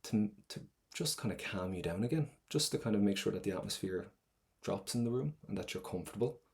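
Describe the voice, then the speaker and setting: A man's voice: fairly low pitch, animated, brisk, gravelly. A man with an Irish accent teaching an online exam-prep lesson, chatty and casual, calling students by name.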